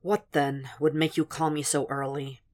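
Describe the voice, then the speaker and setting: A weary, troubled investigator speaks flatly and slowly in a low voice, as a woman reads his lines. His delivery stays tired and level. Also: lightly acted.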